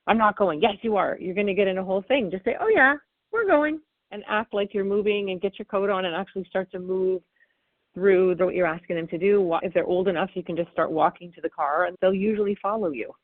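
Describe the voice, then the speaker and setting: A woman parenting expert answering interview questions, animated and acting out what parents and children say. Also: on the low side, quick pace, no room sound. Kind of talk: interview answers, explaining technique. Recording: phone-like dry call audio.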